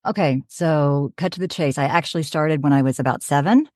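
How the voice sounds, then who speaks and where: Low-voiced chatty woman telling stories. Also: a little fast, no echo, clean studio sound. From Oklahoma. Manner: chatty, animated storytelling. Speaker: voiceover artist, guest. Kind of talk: casual podcast chat.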